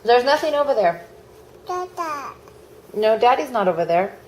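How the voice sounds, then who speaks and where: Woman, mother, baby talk, lively swooping pitch, slow unhurried pace. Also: a little hiss or hum. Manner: singsong, coaxing, repeats questions.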